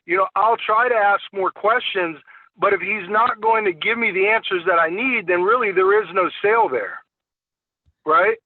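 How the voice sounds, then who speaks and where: A man with a high voice gives a sales training talk over a tinny, phone-like call line with dry, close sound. He tells stories and acts out dialogue with clients, repeating words as he restarts. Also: normal speed, dry recording. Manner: storytelling, acting out client dialogue. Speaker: insurance sales agent.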